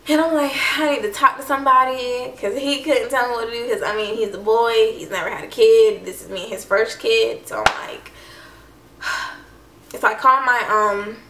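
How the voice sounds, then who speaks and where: A woman's voice: on the high side, normal speed, fairly bright tone, far from the mic, a little hiss or hum. Chatty young woman in an echoey room. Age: young adult. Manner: chatty, full of "like" and "I don't know". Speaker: vlogger. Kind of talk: casual storytelling to camera. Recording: echoey room, voice a bit off-mic.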